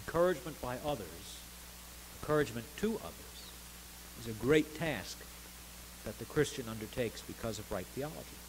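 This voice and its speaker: A man preaching a sermon as pastor of a church, earnest, rising to stressed words and dropping softly between them. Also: medium pitch, very animated, normal speed, background noise. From United States. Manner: earnest preaching with swells of emphasis and soft drops. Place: church sanctuary.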